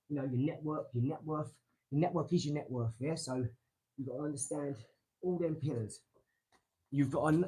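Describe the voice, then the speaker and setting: A man hosting a casual live stream from his garage, rambling excitably and talking straight to his viewers. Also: mid-range voice, poor audio. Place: home garage.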